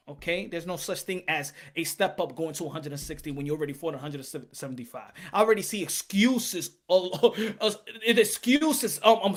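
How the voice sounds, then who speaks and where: A man hosting a casual boxing live stream, bantering with his chat in a profane, laughing way. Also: sits high. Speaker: boxing channel host.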